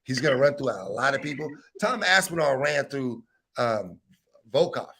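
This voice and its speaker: A young adult man co-hosting a casual fight-talk podcast, bantering quickly with some swearing. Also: medium pitch, lively intonation, a bit bright, husky. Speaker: podcast co-host. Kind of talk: casual sports chat.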